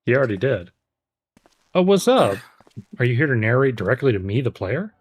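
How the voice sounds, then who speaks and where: A man's voice: medium pitch, fast talker, slightly rough, highs cut off. Jokey man streaming a game. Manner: jokey, laughs often. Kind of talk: casual chat on a game stream.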